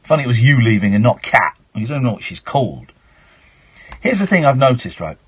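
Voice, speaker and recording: English male radio host, 40s, animated pitch, bright and a bit husky, stumbles and restarts sentences. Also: a little fast. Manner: chatty, stammering restarts, frank. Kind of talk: late-night call-in chat. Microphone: studio mic.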